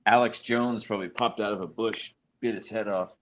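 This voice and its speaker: A man's voice: fairly low pitch, fairly even intonation, moderate pace, fairly bright tone. A man with an American Southern accent in a casual podcast chat, swearing freely and rambling with restarts while he works on something with his hands. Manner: busy with a hands-on task while talking. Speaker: podcast co-host. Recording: dull lo-fi sound with faint noise.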